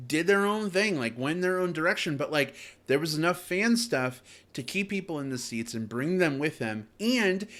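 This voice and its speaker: A man hosting a podcast, talking in an animated, playful way with lots of fillers. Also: on the high side, moderate pace, hardly any pauses. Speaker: podcast host. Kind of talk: casual chat.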